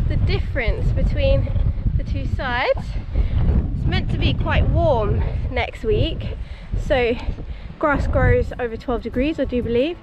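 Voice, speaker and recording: A woman's voice: sits high, slow, noisy background. A woman vlogging outdoors at the stables, chatty and upbeat, laughing often and a little out of breath. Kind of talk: casual vlog narration. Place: outdoors at a stable field, windy.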